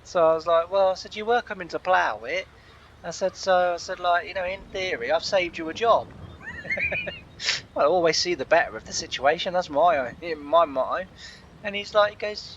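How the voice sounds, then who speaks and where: A man's voice: high-pitched, moderate pace, a bit bright, dull audio, slight background noise. A man telling a long casual story while playing a game, laughing often and acting out the people he quotes. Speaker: gaming channel host. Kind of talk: casual storytelling over gameplay.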